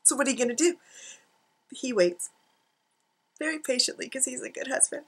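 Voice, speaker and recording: Sitting at her craft desk at home, a middle-aged art journaling vlogger rambles casually to the camera in a high, slightly bright, breathy voice at a moderate pace. She giggles and tosses in self-mocking asides.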